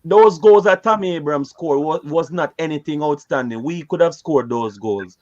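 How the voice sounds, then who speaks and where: A fairly high-voiced man pressing his case in a heated casual debate, repeating "bro" as he pushes back. His voice comes through dull and lo-fi, like a voice call. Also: normal speed, a little mellow, no room sound. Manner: insistent, keeps saying bro. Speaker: podcast panelist.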